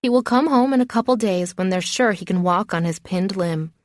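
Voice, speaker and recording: Brief: woman audiobook narrator, first-person, expressive, dry close studio sound, mid pitch. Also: fairly quick, no echo. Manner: expressive, dramatic in the heroine's outbursts.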